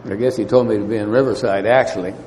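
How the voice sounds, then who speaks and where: A man telling his recovery story at a meeting, halting, with many fillers and restarts. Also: on the low side, fairly even intonation, darkish tone. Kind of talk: storytelling talk. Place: meeting hall. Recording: faint noise, long hall reverb.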